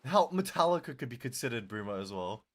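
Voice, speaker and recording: Animated male streamer with a strained voice. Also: medium pitch, fast talker. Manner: animated, laughs often, answers chat. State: strained, tiring voice. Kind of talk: casual live-stream chat.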